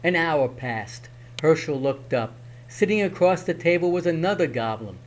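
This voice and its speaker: A man reading a picture book aloud in a slow, expressive storytelling manner. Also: a little high, slight background noise. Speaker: reader.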